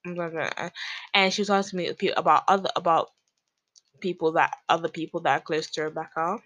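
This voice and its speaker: Podcast host, woman, lower register, loose slangy self-mocking rambling. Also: steady tone, fairly quick, a bit bright, rough recording. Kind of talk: casual rambling monologue.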